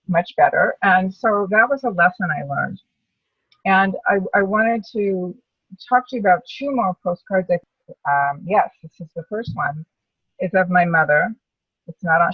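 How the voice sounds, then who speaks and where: A woman's voice: on the low side, slightly rough, dry recording, recorded from a distance, dull audio. A woman sharing her personal story as a survivor in a webinar, talking in an earnest, reflective way. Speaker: brain tumor survivor panelist. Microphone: video call.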